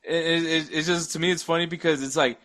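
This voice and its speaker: Bright, stammering young man. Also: fairly high pitch, steady tone, fast. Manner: stammers and restarts often, chuckles between points. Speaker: podcast guest. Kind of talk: casual sports chat.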